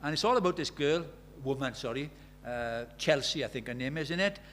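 A man preaching a sermon, conversational and animated, swinging from loud exclamations to quiet, intimate tones. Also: medium pitch, brisk. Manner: conversational, uses quoted dialogue and filler words.

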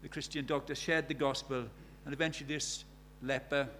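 A man's voice: mid-range voice, little pitch movement, a little fast, pushed and bright, a little hiss or hum. A man preaching a sermon, telling stories and building to emphatic appeals.

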